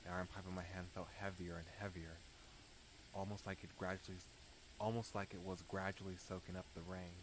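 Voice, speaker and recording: A male streamer reading a dark visual novel aloud in a slow, soft-spoken, dramatic way, with his own commentary. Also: low voice, little pitch movement, background noise. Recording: background music under voice.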